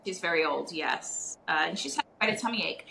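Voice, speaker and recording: Bright-voiced woman, hesitant and chatty. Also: lowish voice, expressive, a little fast, creaky, slight background noise, poor audio. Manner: warm, hesitant with many ums. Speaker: guest potter. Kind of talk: casual chat.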